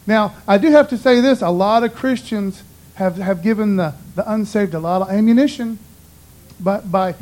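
A man's voice: high voice, normal speed, darkish tone, rough recording. A man giving an informal, conversational sermon in a folksy way, often dropping "man" and "you know". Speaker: preacher.

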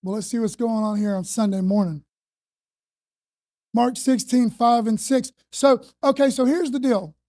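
A woman's voice: fairly high pitch, fairly even intonation, unhurried, mellow, no room sound. Casual, slangy woman preacher. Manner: conversational, slangy, emphatic. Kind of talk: sermon.

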